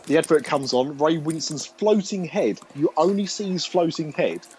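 A man's voice: fairly high pitch, animated, normal speed, darkish tone, a little hiss or hum, poor audio. A British man hosting a podcast in casual, rambling chat, joking, swearing and laughing as he talks. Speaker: podcast host.

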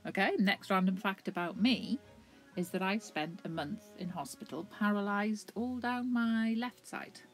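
A woman's voice: medium pitch, a little slow, faint music behind. A young woman co-hosting a casual chat, giggling often as she shares stories. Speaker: co-host.

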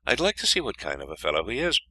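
A man's voice: fairly low pitch, wildly swooping pitch, fast talker, sharp tone, slightly rough, full character voice. A man voicing a stubborn, fearless young lad in a storybook, talking bluntly and defiantly.

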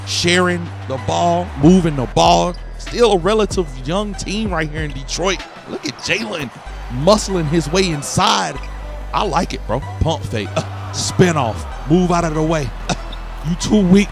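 A man talks over his video game in a slightly raised voice, hyping his own plays and griping at the game in loose trash-talk. Game music plays clearly underneath him. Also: high voice. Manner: hyped, trash-talking play-by-play with laughs. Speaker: gaming video creator. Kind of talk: gameplay commentary.

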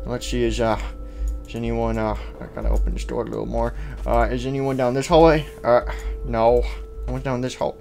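A man's voice: mid-range voice, flat delivery, brisk, vocal fry, darkish tone, soft background music. A man playing a game roleplay in character, muttering to himself and breaking into panicky outbursts. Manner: jumpy, panicky outbursts between nervous mumbling. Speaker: roleplay video host.

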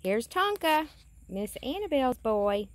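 A woman's voice: high-pitched, sing-song, a little slow, no echo. A woman filming her farm outdoors, talking casually and calling to a puppy in a coaxing sing-song voice. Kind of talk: casual vlog narration.

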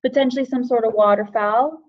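A high-voiced woman presents a live webinar for educators, reading names and guesses from the chat, answering each in turn and thanking participants. She's friendly, brisk and steady in tone, though her audio sounds dull and lo-fi like a typical webinar feed.

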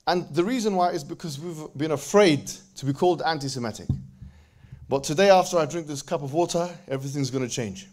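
At a religious event, a slightly high-voiced man delivers an animated lecture before a live crowd. He jokes and trades banter with listeners and recites verses rapidly in Arabic.

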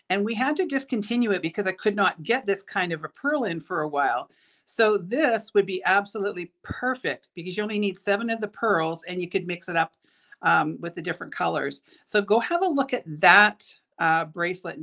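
A woman's voice: medium pitch, a bit bright. A middle-aged woman hosts a casual live bead showcase, sounding tired and stumbling over her words as she chats. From Canada. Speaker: bead shop owner hosting a live product show.

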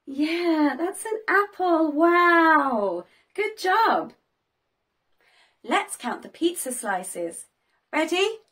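A young woman leads a toddler learning video in a very high voice. She talks slowly, with a sing-song lilt and exaggerated gasps and praise. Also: very animated, a bit bright. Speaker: children's teacher.

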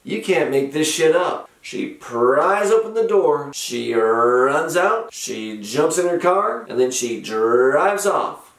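A middle-aged man with a slightly high voice tells his comic stories in a slow, deadpan way, grumpy and sarcastic throughout. He sits back from the mic, and the room around him rings. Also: far from the mic. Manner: sardonic, dry, grumpy. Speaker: comedic storyteller host. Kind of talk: deadpan comic retail storytelling. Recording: roomy echo, from off-mic.

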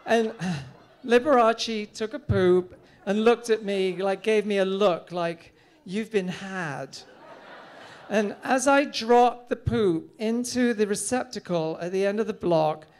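A man's voice: high voice, measured pace, clear, resonant tone. A middle-aged man telling a comic story on stage in a witty, theatrical, camp manner.

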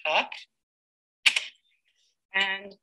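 A woman teacher leading a live demonstration lesson with a child, patient and encouraging, slowly sounding out words. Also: medium pitch, fairly even intonation, bright, forceful tone, poor audio.

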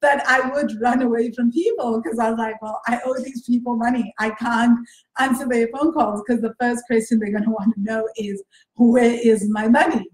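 Female podcast host, money coach; talkative, conversational, fairly high voice, recorded in a roomy space. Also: steady tone, moderate pace. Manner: chatty, frequent "right?" and self-corrections. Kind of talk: casual solo podcast talk. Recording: roomy echo.

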